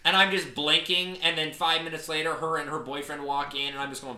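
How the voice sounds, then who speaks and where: A man's voice: fairly high pitch, little pitch movement, fairly quick, few pauses, pushed and bright, reverberant. A man in his twenties telling a story in a casual podcast chat, joking, swearing and acting out quotes.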